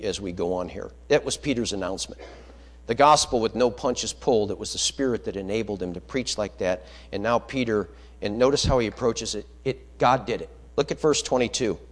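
A man preaching a sermon, emphatic, swinging between loud declarations and quiet low asides.

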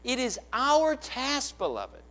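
Male pastor, high pitched and animated, preaching emphatically in church. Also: takes it slowly. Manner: emphatic, rhetorical questions to the congregation. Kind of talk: sermon. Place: church sanctuary.

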